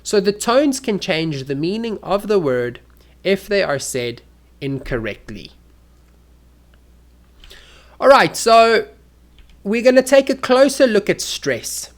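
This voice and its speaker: A teacher explaining English to learners, speaking slowly and deliberately. The pitch rises and falls widely, and spoken examples are acted out with big contrasts. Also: very animated.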